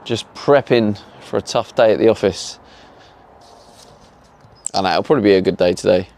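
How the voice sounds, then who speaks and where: Gravelly British man chatting with his stream. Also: lowish voice, moderate pace, darkish tone. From Britain. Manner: chatty, laughs often, answers chat while working. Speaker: live streamer. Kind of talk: casual live-stream chat.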